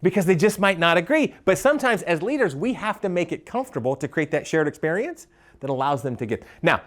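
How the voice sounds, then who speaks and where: A man giving a live leadership workshop, animated, asking the audience questions and stumbling over quick restarts. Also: on the high side. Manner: animated, asks the crowd questions, stammers on restarts. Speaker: leadership speaker.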